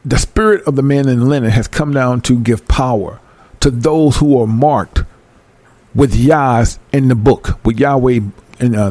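A man reading scripture aloud and breaking into fervent, emphatic commentary, talking excitedly like a Bible teacher. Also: mid-range voice, dry recording. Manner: reads verses then breaks into fervent commentary; emphatic, animated, apologizes for going fast. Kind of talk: excited scripture study talk.

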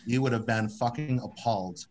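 Male podcast co-host, casual chat, teasing, swears a lot, mid-pitched voice. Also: normal speed, crowd noise. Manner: teasing, profane, storytelling.

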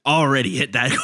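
Bright-voiced male podcast host. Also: on the high side, slightly rough. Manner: friendly, laughing, loose intros. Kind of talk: casual podcast chat.

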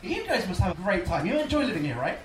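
A man's voice: high voice, big pitch swings, quick pace, echoey room, recorded from a distance, heavy background noise. A man with an English accent doing a stand-up set in a comedy club, teasing the crowd and mimicking other people. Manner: mocking, plays other voices.

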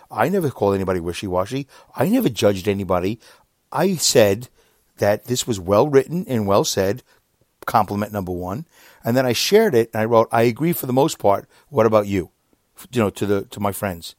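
A man in his fifties, a podcaster, telling a long casual story about an online argument, exasperated and animated, his voice often jumping up high. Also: no echo, clean studio sound. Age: 50s. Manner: animated, exasperated, with sudden jumps up in pitch; reads out messages.

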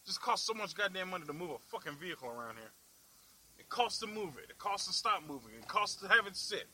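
A man's voice: sits high, big pitch swings, quick pace, pushed and bright, poor audio. A young man driving through the city, ranting angrily and profanely, laughing at himself now and then. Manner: angry, foul-mouthed, laughing at himself. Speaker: vlog host. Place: in a car in the city.

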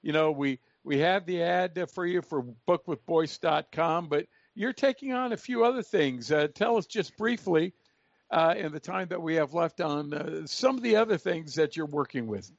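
A man's voice: fairly high pitch, normal speed, creaky, dry recording. Folksy male radio host, dull lo-fi sound. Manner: chatty, folksy questions. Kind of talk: radio interview.

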